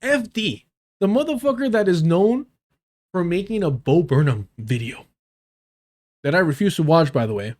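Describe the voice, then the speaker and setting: A man's voice: high voice, normal speed, pauses often. Profane mocking male streamer. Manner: profane, mocking, animated rants to chat. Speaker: streamer host reviewing a debate. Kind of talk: live-stream reaction commentary.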